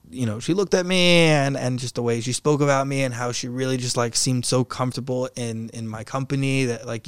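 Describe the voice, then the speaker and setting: A man's voice: medium pitch, clear, resonant tone, no room sound. A young man guesting on a podcast, chatting casually in a rambling way, full of fillers and restarts. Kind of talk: casual conversation.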